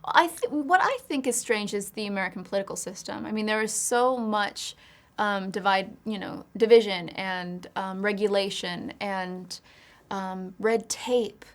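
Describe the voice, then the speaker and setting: Woman, actress, interview guest, middle pitch, reflective, candid, long answers. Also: unhurried. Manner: reflective and candid, explains at length. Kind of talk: press junket interview.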